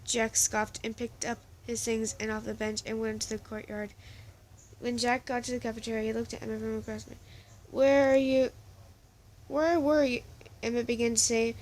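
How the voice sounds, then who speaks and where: A woman's voice: fairly high pitch, darkish tone, a little hiss or hum. A woman casually reading a story aloud, stumbling and restarting now and then. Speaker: story reader.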